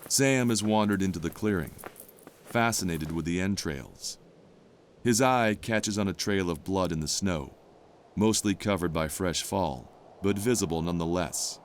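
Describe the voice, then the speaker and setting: A man reads the narration of an audio drama in a measured, descriptive way. His voice sits very low. A faint noise runs underneath it.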